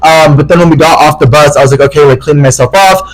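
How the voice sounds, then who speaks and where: A young man co-hosts a casual podcast and talks fast. His voice sits a little high. He acts out the other people in his story and swears freely. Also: low-quality recording. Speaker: podcast co-host.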